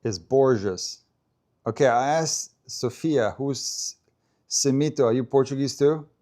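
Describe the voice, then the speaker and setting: A man at a mid-range pitch keeps up easy, unscripted live-stream chatter about a tennis match. He reads comments from his viewers and answers them in a relaxed, conversational tone. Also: a little slow. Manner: chatty, stops to answer viewer comments and try out name pronunciations. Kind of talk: casual live-stream commentary and chat reading.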